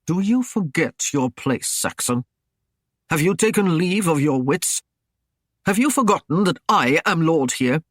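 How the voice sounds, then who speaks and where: Male narrator doing a curt, growling medieval warlord, raised pitch, dry close sound. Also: expressive, moderate pace, no room sound. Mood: stern. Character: stern proud male Norman lord, gruff.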